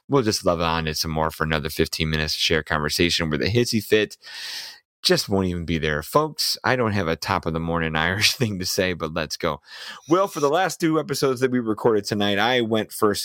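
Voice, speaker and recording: A man's voice: low voice, animated, fairly quick, fairly bright tone, no room sound, studio quality. A man co-hosting a movie podcast, reading his show intro with a punchy, theatrical flair and then chatting casually. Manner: theatrical, punchy announcer delivery. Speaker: podcast co-host.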